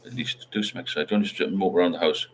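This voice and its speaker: A man's voice: deep voice, very fast, a little hiss or hum. A middle-aged man, hosting a casual livestream chat and rambling while he reads out viewer comments. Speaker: livestream host.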